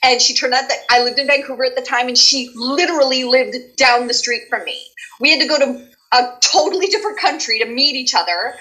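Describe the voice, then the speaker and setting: A woman who works as a voice actress, chatting as a guest and telling stories in an effusive, animated way. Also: high-pitched, fairly quick, poor audio. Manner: animated storyteller, effusive, many restarts. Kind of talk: casual interview chat.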